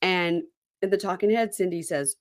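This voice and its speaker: A woman's voice: lowish voice, normal speed. A woman hosting a podcast, chatting casually and retelling scenes from a reality show at length. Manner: retells scenes at length, quoting cast members. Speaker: podcast host.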